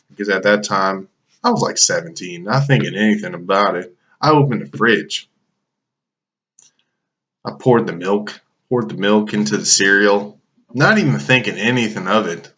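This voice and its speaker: A man's voice: fairly low pitch, pushed and bright. A man telling a casual anecdote, loose and full of swearing and fillers. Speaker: storyteller.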